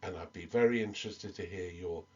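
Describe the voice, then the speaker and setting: A man giving a recorded English lesson, talking slowly with many ums and small restarts. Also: sits low, darkish tone, muffled recording, a little hiss or hum. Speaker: medical English teacher.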